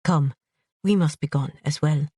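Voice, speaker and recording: A man's voice: on the high side, a little slow, a little mellow, breathy edge, no echo, clean studio sound. An audiobook narrator voicing a man leading a gang, firm and insistent. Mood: urgent. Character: calm, urgent male gang leader.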